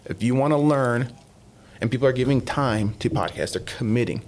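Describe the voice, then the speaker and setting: A man with a medium-pitched voice and a moderate pace appears as a podcast guest in a casual storytelling interview. He animatedly relives past conversations, doing quoted voices, and leans heavily on fillers.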